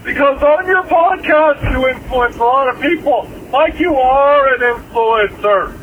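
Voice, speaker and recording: A man playing a preachy male caller who scolds the host in a high, nagging voice over a phone message. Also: unhurried. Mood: scolding. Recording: muffled phone message, faint hiss.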